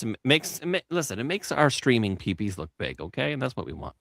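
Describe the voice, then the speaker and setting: A man's voice: mid-range voice, brisk, creaky, no room sound, studio quality. A man co-hosting a streamed talk show, joking and swearing freely. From Canada. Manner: animated, profane, joking. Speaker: stream co-host. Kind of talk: casual streamed chat.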